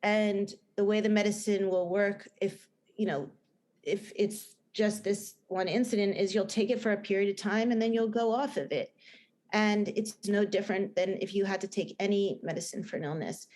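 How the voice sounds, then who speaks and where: Her voice is mid-range and a little mellow, with a steady tone and moderate pace. She's a middle-aged film director and writer from New Jersey, by her accent, guesting on a casual podcast and speaking earnestly, rambling and starting over many times.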